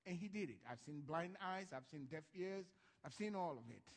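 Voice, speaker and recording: A male pastor preaching a sermon, swinging from hushed lines to loud ones and acting out voices from Bible stories. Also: on the high side, lively intonation, normal speed, in a large hall.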